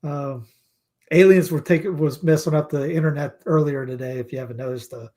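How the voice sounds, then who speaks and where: A man co-hosting a relaxed podcast in a slightly higher voice. He stops and restarts often and repeats words as he searches for the right one. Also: a little fast. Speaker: co-host. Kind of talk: casual podcast chat.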